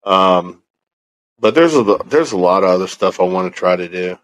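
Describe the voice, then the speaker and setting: Casual podcast co-host: man, deep and low-pitched, laid-back and drawling. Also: lively intonation, moderate pace, a bit bright, poor audio. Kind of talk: casual chat.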